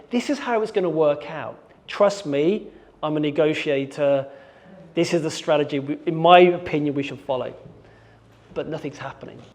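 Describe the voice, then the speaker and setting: A man's voice: on the high side, a little mellow. A middle-aged man giving a keynote talk on stage. He tells a dramatic story and acts out scenes and his own thoughts. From Birmingham, England. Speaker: keynote speaker, hostage negotiator. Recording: long reverb of a large hall.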